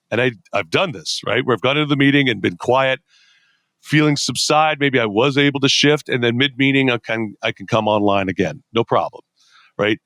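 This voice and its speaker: Middle-aged man, guest on a podcast, animated storyteller who plays out his own thoughts, medium pitch, dry sound. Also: dry recording. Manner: energetic storyteller who acts out his own inner dialogue. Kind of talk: conversational podcast interview.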